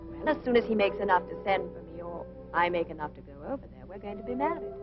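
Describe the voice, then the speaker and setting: An actress as a gentle young woman, hesitant, muffled vintage film audio, clear music behind. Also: medium pitch, animated, fast, lightly acted. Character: young woman, daughter of a publican, earnest. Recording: dull old film soundtrack with music.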